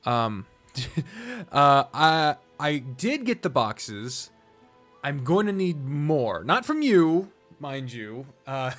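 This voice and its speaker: A man's voice: on the high side, fairly bright tone. A man streaming a strategy game, rambling casually, talking to himself and swearing often. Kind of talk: casual live-stream chat while gaming.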